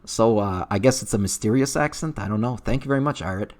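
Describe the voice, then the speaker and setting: A man's voice: lowish voice, fast talker, a little mellow. A man with an accent reading chat comments on a livestream, talking in a blunt and profane way with lots of fillers. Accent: unidentified accent. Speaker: streamer reading live chat.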